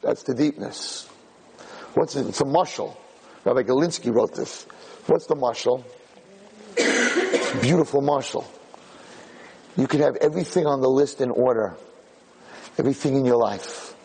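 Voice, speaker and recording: A man giving a storytelling class as a rabbi to a live group, rambling with restarts and climbing to loud, high peaks. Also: moderate pace, long pauses, a little hiss or hum. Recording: echoey hall.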